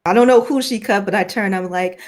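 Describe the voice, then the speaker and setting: A woman takes her turn as a player in a tabletop role-play game. She talks casually and chattily, breaking into laughter now and then, at an ordinary pitch. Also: fairly quick.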